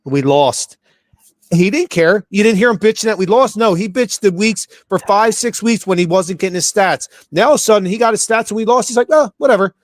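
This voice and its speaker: A man with a high voice co-hosts a podcast, ranting heatedly and profanely about a game and repeating himself in casual sports talk. He speaks a little fast, and the sound is clean studio audio with no echo.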